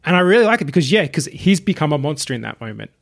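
A man's voice: a little high, racing, vocal fry. Laid-back man chatting about a movie. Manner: relaxed, laughs often, retells scenes with quoted lines. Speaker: film podcast co-host. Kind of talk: casual film review chat.

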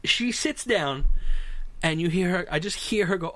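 Ny guy telling a funny story, swears a lot, high lively voice, dry close mic. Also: moderate pace, no echo. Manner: animated, profane, conversational. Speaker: podcast co-host. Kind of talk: casual comedic storytelling.

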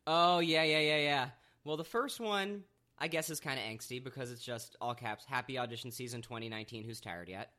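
A man's voice: medium pitch, fairly quick, sharp tone. A young man co-hosting a podcast, chatting casually and rambling in an easygoing, self-deprecating way. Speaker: podcast co-host. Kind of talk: casual chat.

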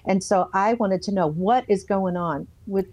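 A woman's voice: mid-range voice, unhurried, darkish tone. A woman in an interview telling her own life story with candor, plain-spoken and blunt, acting out her past thoughts as she goes. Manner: blunt, plain-spoken, self-censors swearing. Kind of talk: candid personal testimony.

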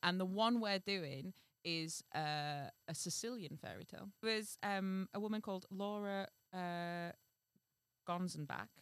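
A woman's voice: lowish voice, measured pace, clean tone, no room sound. A woman co-hosting a comedy podcast, chatting and laughing as she reads a fairy tale aloud. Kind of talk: casual chat and storybook reading.

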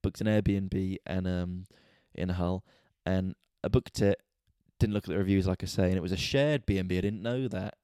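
A man hosting a podcast, telling a story in an exasperated, sweary, animated rant. He is a stand-up comedian talking casually. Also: low voice, moderate pace, few pauses, clear, resonant tone, no room sound, studio quality. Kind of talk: casual ranting monologue.

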